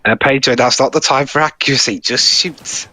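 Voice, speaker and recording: A man's voice: mid-range voice, normal speed, sharp tone. Dry, sarcastic man in game chat. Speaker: let's play co-host. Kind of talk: casual group commentary.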